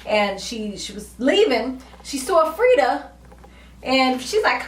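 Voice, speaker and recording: A fairly high-voiced woman recaps a TV episode in a casual, slangy vlog, acting out the characters' lines with lots of animation. She sits a bit back from the mic in a roomy, echoey space. A faint hum of ambience runs underneath. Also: big pitch swings, unhurried, far from the mic. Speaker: TV recap vlogger.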